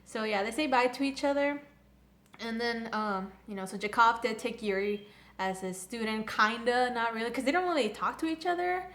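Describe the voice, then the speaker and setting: A woman's voice: on the high side, moderate pace, a bit bright. A young woman recapping and reviewing an anime episode in a casual, rambling, gushing fan manner. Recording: echoey room.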